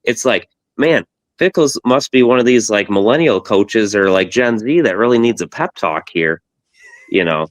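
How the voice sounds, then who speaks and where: A man's voice: lowish voice, expressive, normal speed, no echo. Dry-sounding man rambling on a podcast. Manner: rambling, uses analogies, many "it's like". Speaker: podcast co-host. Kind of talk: casual sports podcast chat.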